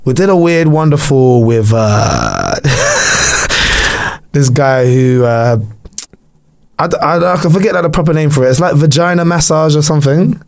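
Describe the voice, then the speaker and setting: Podcast co-host, man, slightly high voice, loose crude storyteller. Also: big pitch swings, measured pace, gravelly, long pauses. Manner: rambling, crude, jokey storytelling. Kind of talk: casual chat.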